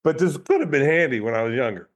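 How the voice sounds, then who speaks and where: Man, guest coach, casual podcast chat, animated storyteller, laughs a lot, mid-pitched voice. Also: fast talker. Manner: animated storyteller, laughs often, mimics people.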